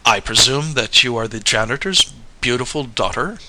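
A man's voice: medium pitch, moderate pace, noisy background, close to an everyday voice. A man voicing a rude, brusque young man in a story reading, talking in blunt, exclamatory bursts. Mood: gruff, brusque.

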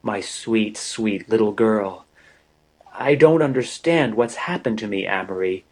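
An earnest young man in love, making impassioned declarations in a storybook, his words slow and heartfelt, as a male narrator voices him. The voice stays close to the reader's own. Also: lowish voice, lively intonation, poor audio.

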